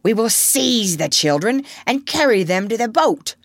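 A woman's voice: a little high, sing-song, unhurried, dry recording, pitched above the performer's own voice, full character voice. A woman voicing a proud, brooding male pirate captain in a storybook reading, declaiming theatrically. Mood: menacing.

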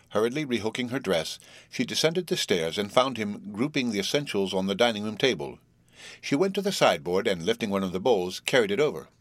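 A man reading a story aloud in a steady, measured narration. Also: on the low side, no room sound. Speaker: audiobook narrator. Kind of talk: scripted narration.

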